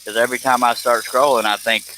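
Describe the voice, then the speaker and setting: A man's voice: medium pitch, little pitch movement, quick pace, sharp tone, slight background noise, rough recording. A man hosting a woodworking live stream, chatting casually and joking as he rambles off topic. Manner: joking, rambling, slips into put-on voices. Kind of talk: casual live-stream chat while scroll sawing.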